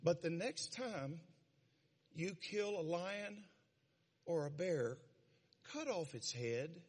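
A man voicing a calm, firm father quietly settling his sons' argument, in a sermon retelling. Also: a little high, takes it slowly, breathy edge, exaggerated voice. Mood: stern calm. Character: stern calm father settling a family dispute. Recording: long reverb of a large hall.

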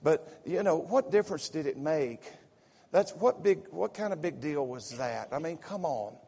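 Pastor with a slight Southern lilt, excitable and folksy, fairly high voice, echoing through a big sanctuary. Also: male voice, normal speed, gravelly, slightly rough. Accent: Southern US, slipping in from home visit. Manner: excitable, folksy preaching with repetitions and asides. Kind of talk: sermon. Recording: echoey sanctuary reverb.

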